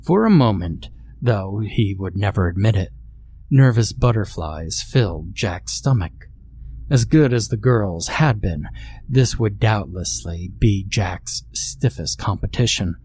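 A man narrating a scary story in a measured, deliberate way. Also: on the low side, expressive, a little mellow, husky. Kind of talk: scripted horror narration.

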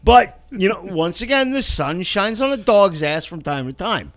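A man's voice: sits high, very animated, normal speed, fairly bright tone. A man running a friends' league, blunt and teasing, with plenty of swearing. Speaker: fantasy league organizer. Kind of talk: casual banter among friends.

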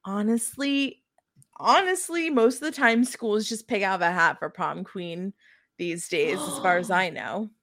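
A woman's voice: on the low side, normal speed, a bit bright, no room sound, clean studio sound. A woman co-hosting a podcast, musing and thinking aloud in casual chat. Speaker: podcast co-host.

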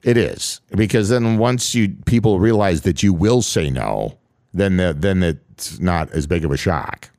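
A man's voice: low voice, expressive, unhurried, darkish tone, no room sound, studio quality. A middle-aged man co-hosting a podcast, talking casually with many restarts and reassuring interjections. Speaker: podcast co-host. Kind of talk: casual chat.

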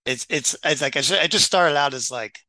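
Bright-voiced rambling man. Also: a little high, a little fast, dry recording, rough recording. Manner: rambling, many restarts and fillers. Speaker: doctor and writer. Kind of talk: casual podcast conversation.

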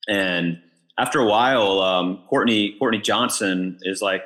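A man tells a story on a casual podcast with a low-pitched voice and a bright, forceful edge. He talks in an animated way and often repeats words as he gathers his thoughts. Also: normal speed. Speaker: pickleball pro and podcast co-host.

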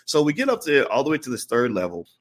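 A male vlogger with a medium-pitched voice tells a story at a quick pace. He keeps it casual and animated, acting out each person who appears in it.

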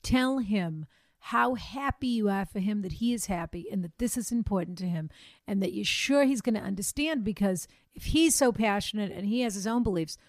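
Woman co-host, gravelly, direct advice-giver, dry studio sound. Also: medium pitch, expressive, normal speed, no room sound. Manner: direct, coaching tone. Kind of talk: casual chat giving advice.

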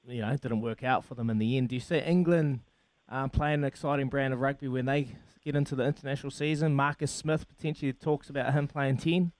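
A man's voice: mid-range voice, dry recording. A man interviewing a rugby player, asking long, rambling, chatty questions. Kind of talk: casual interview.

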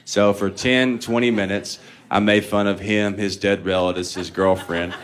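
A man's voice: lowish voice, fairly even intonation, moderate pace, background noise. A man doing a stand-up comedy set, telling profane, self-deprecating stories and chuckling at his own lines.

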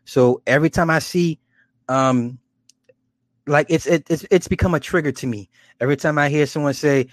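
A man hosting a casual commentary, animated and profane, often laughing at his own stories. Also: on the high side, moderate pace, no room sound, studio quality.

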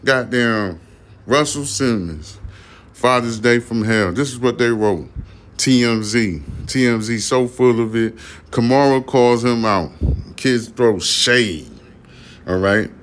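A man's voice: mid-range voice, takes it slowly, a little hiss or hum. A man hosting his own commentary podcast, talking bluntly and profanely in a loose, rambling way, rising to heated rants. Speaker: podcast host.

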